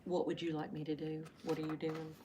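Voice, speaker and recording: A woman's voice: deep voice, completely flat delivery, brisk, mellow, a little hiss or hum. A woman chatting casually as a co-taster, with short, questioning replies. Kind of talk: casual chat.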